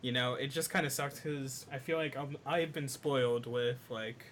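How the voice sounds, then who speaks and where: A man with an ordinary mid-range voice talks about shows on a podcast. He rambles in a relaxed way and leans on fillers. A faint rumble runs underneath. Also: normal speed. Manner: laid-back, rambling, with fillers and laughs. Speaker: podcast co-host. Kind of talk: casual anime podcast chat.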